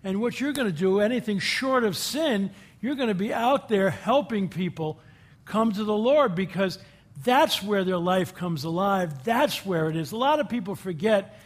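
High-voiced man telling folksy stories. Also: lively intonation, normal speed. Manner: folksy, asks the audience questions. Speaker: guest speaker addressing a group. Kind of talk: inspirational talk with anecdotes.

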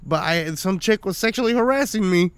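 A young man tells a story on a casual podcast, his voice sitting a little high. He swears freely and keeps breaking into laughter as he goes. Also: lively intonation, brisk, clear, resonant tone, no room sound. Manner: profane, laughs often while telling stories. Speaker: podcast co-host.

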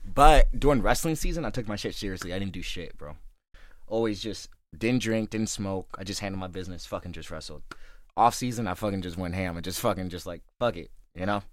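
A man's voice: sits low, a little fast, dry recording, studio quality. A man from St. Louis, a fighter guest on a podcast, telling his life story casually, swearing constantly and asking "right?" after every few phrases. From St. Louis, USA. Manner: profane, laid-back, keeps checking in with "right?".

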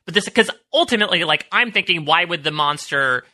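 Co-host guy thinking out loud, really bright voice, bit high. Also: lively intonation, brisk. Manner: speculative, musing. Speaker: podcast co-host. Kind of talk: casual podcast chat.

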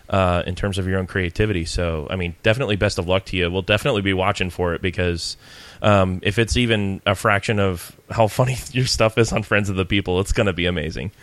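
A man's voice: low-pitched, fairly bright tone, dry recording. A man co-hosting a podcast, rambling with lots of fillers in casual chat. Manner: rambling, filler-heavy, friendly. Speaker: podcast co-host.

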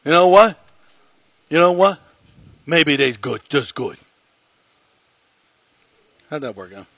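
A man's voice: on the high side, animated, slow, fairly bright tone, dry recording, heavily acted. A man putting on a brash New York radio blowhard. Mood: mocking, blustery. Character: brash loud male New York sports radio host.

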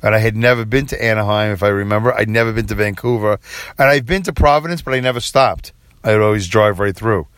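A man in his forties hosts a solo podcast, rambling on his own with self-deprecating humor and frequent chuckles, and he gets animated when quoting himself. His voice is on the low side and quick, with a clean tone and no echo.

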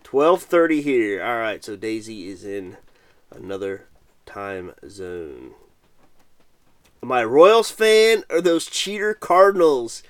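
A man's voice: medium pitch, big pitch swings, slow pace, dry recording. A middle-aged man from Missouri, hosting a casual late-night livestream and chatting while reading viewer comments aloud. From Missouri, USA. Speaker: podcast host.

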